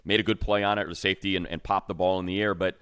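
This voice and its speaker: A man's voice: deep voice, very fast, clean tone, no echo, studio quality. A man co-hosting a casual sports talk show, opinionated and given to heated rants. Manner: opinionated, heats up into animated rants. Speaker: co-host.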